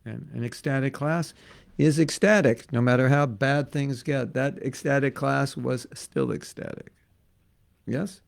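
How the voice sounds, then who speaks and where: A man's voice: mid-range voice, steady tone, measured pace, creaky. A man teaching a casual devotional class, joking and conversational, repeating words for emphasis. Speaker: spiritual teacher.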